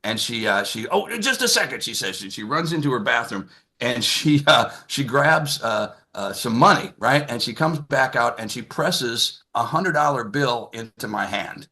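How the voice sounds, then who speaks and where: Brief: sixties male comic, bright forceful tone, rambling anecdote style, video call mic. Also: mid-range voice, a little slow. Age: 60s. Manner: rambling, lots of filler and restarts. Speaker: comedian. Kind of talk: stand-up storytelling on a video call.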